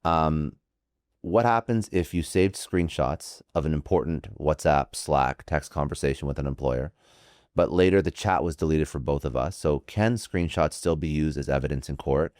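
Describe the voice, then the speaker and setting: A man with an extremely deep voice, hosting a podcast and reading out questions at a measured pace. His sound is dry and close to the mic. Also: darkish tone, no echo. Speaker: podcast host. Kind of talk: interview questions.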